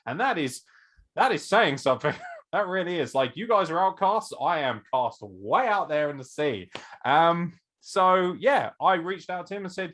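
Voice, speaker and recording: A man hosting a podcast with a lively, swooping delivery. He jokes constantly in a theatrical, mock-formal way. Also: medium pitch, fairly quick. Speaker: podcast host and interviewer. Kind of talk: casual comedic podcast chat.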